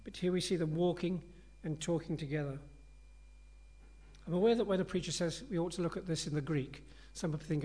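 A male preacher gives a sermon in a relaxed, conversational manner, earnest and reflective as he talks his congregation through a passage. His voice sits a little higher than most men's. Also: a little fast.

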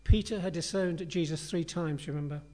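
This is a male preacher delivering a sermon at a normal speed, casual and conversational while earnestly reflecting on a passage with his congregation. He has a somewhat higher voice than most men.

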